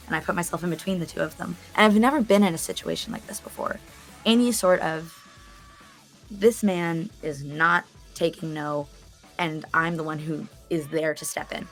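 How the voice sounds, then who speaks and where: A woman's voice: low-pitched, moderate pace, faint music behind. A woman casually telling a story, chatty, with lots of fillers. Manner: chatty, animated retelling with many fillers.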